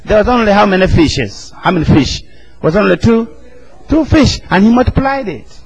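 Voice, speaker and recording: A man's voice: sits high, expressive, fairly quick, breathy edge, poor audio. A man, preaching an emphatic sermon and calling the congregation to answer back. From Uganda. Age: 40s.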